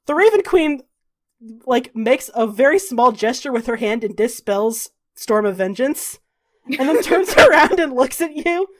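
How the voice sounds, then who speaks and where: Woman game master, fairly high voice, casual swearing, slow dramatic narration. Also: big pitch swings. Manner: laughs while narrating, drawn-out dramatic pacing.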